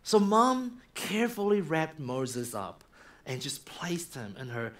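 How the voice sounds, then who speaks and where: A man's voice: on the high side, slow. A man in a church, preaching a sermon by retelling a story and acting out its scenes. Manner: animated, acts out the story. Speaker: minister.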